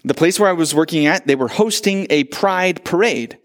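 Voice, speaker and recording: Animated pastor preaching. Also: male voice, fairly high pitch, moderate pace. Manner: animated storytelling with acted-out quotes. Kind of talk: sermon.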